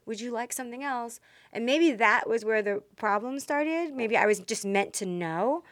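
A woman's voice: a little high, moderate pace, no echo. A woman with a Texan accent, chatting casually and animatedly as a podcast co-host. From Texas. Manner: chatty, animated, self-deprecating. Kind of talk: casual chat.

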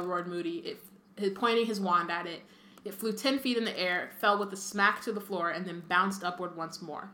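Young woman reading a book aloud for a podcast, chatty asides, bright voice, roomy echo. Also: fairly low pitch, steady tone, normal speed. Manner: chatty, laughs often, reads with asides. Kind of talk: casual chat and reading aloud.

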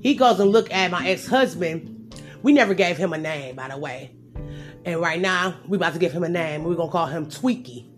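A young adult woman casually telling a story to her viewers, with lively swings from loud outbursts to low asides. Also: normal speed, soft background music. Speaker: storyteller vlogger.

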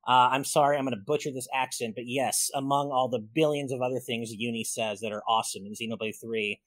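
A man's voice: medium pitch, fairly even intonation, quick pace, fairly bright tone, no room sound. A man hosting a casual gaming podcast, upbeat and thankful as he reads out supporter messages and names. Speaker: podcast host reading super chats.

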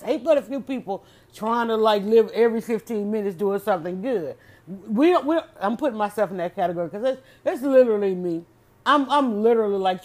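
A woman chatting casually on her own, animated and exclamatory, often restarting her sentences. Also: medium pitch. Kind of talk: casual solo chat.

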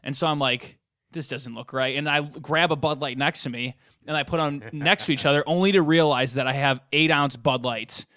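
A man's voice: fairly high pitch, moderate pace, sharp tone, no echo, clean studio sound. A young man telling a self-mocking story to friends in casual chat. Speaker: podcast co-host.

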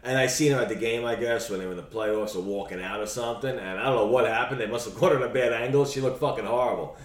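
A man's voice: mid-range voice, quick pace, reverberant, distant mic. A man from New York with a New York accent, co-hosting a podcast in crude casual chat, profane and mocking as he rants. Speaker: podcast co-host.

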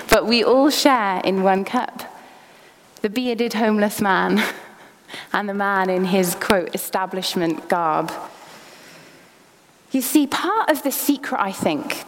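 A woman preaching a sermon in church, reading passages aloud from a book with small laughs between. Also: medium pitch. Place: church hall. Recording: reverberant hall.

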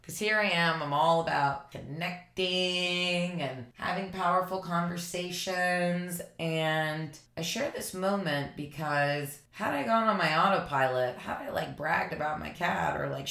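A woman's voice: on the low side, gravelly, fairly bright tone. A woman from Tennessee telling a personal story in a chatty, earnest way, with lots of likes and you knows, sharing a lesson as a motivational speaker. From Tennessee, USA. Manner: chatty, earnest, filler-heavy. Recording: echoey room.

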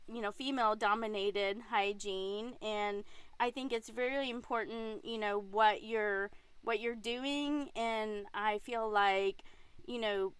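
A woman's voice: on the high side, a bit bright, clean tone, dry recording. A woman hosting a podcast in a casual conversation. She is a dental hygienist who talks in a chatty, upbeat way and giggles often.

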